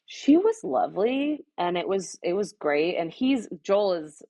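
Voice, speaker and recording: A woman's voice: medium pitch, very animated, unhurried, no room sound. A woman in her thirties, an actress guest on a podcast, chatting casually and telling stories with many fillers. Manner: chatty, filler-heavy, warm storytelling. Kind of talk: casual interview chat.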